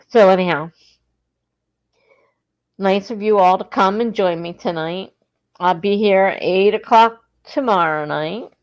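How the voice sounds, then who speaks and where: Slow and pausing often, this East Coast woman speaks in a mid-range, darkish voice on a rough recording. She's hosting a casual writing-sprint livestream, rambling and fixing her words as she grows tired.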